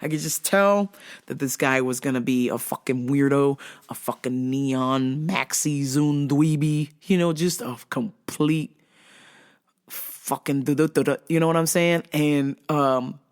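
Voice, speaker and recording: A woman's voice: extremely low pitch, unhurried, darkish tone. Woman host, casual storyteller, profane, laughs often. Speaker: vlog host.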